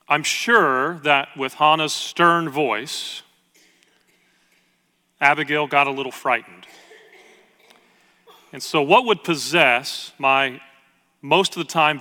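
A man in his thirties, a pastor telling a family story in a conversational sermon with emphatic pauses. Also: fairly high pitch, pushed and bright. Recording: long reverb of a church hall.

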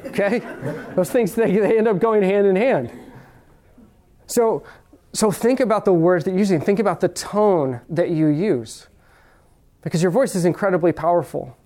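A man preaching a sermon in a conversational way, asking the audience direct questions and slowing down to stress key phrases. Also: high voice, dark tone. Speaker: pastor.

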